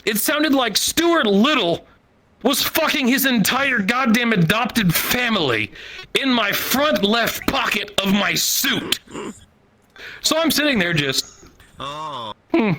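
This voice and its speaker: Lively profane male stand-up storyteller. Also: very high-pitched, takes it slowly, background noise. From Midwest United States. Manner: crude, profane, animated storytelling. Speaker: stand-up comedian.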